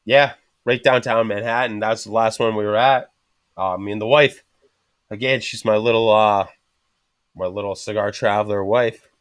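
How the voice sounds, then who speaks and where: Profane, animated man telling bar stories. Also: on the low side, normal speed, no echo. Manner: swears constantly, animated storyteller acting out quotes. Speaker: podcast host. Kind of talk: casual chat.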